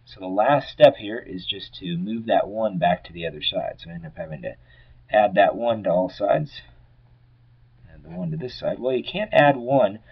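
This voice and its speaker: A man with a lowish, husky voice walks through algebra problems in a relaxed, step-by-step way. His phrase ends often trail off. The sound is dull and lo-fi, like a homemade screencast. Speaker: math teacher. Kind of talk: recorded lesson working problems aloud.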